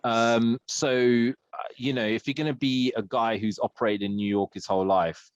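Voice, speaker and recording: A man co-hosts a podcast in a casual, rambling chat full of fillers, restarts and frequent laughter. His voice is medium-pitched with a steady, clean tone and normal speed. The recording is dry and lo-fi.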